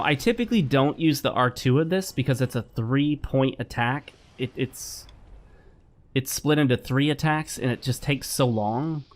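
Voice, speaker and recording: Male gaming host, mid-range voice, lecturing and repetitive commentary over live play. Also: medium pitch. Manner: lecturing, repetitive, talks while playing. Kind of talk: casual gameplay commentary.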